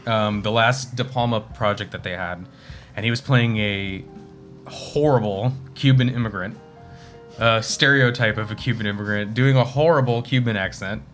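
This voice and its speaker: A man's voice: lowish voice, normal speed, fairly bright tone, soft background music. A man co-hosting a casual movie discussion, rambling and swearing freely as he recounts scenes. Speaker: podcast co-host.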